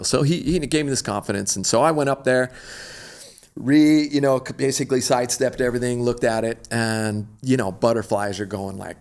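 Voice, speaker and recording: A middle-aged man, an extreme athlete guest, telling a story in an animated, slangy, laid-back way. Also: mid-range voice, moderate pace. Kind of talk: casual storytelling interview.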